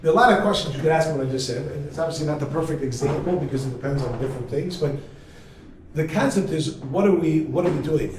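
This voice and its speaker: A man teaching a class as a rabbi, lively and full of humor, who keeps asking his listeners rhetorical questions. His voice sits a bit high for a man and echoes heavily around a large hall. He is recorded from a distance, with a faint hiss underneath. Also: fast. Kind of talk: lively classroom lecture with storytelling. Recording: very echoey hall, mic far off, faint noise.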